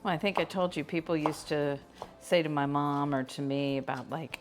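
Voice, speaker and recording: A woman's voice: sits low, flat delivery, moderate pace, slight background noise. A woman chatting casually while she cooks on a live stream, explaining as she goes and laughing often. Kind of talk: casual cooking stream chat.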